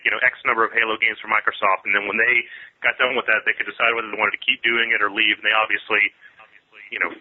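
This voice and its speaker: A man's voice: lowish voice, slight background noise. A man co-hosting a gaming show by phone, rambling through his opinions. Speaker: co-host calling in. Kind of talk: casual call-in chat. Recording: phone-line audio.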